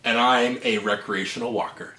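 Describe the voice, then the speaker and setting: A man's voice: medium pitch, fairly even intonation, normal speed, sharp tone. A young Canadian man co-hosting a casual Q&A, chatty and laughing easily. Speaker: channel co-host. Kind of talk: casual Q&A chat. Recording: roomy echo, mic at a distance.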